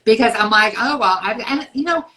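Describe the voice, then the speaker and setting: A woman in her fifties with a bright, forceful tone, speaking a little higher than most women. She talks bluntly in casual podcast chat, swearing freely and slipping into quick voiced asides. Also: expressive, poor audio. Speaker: podcast co-host.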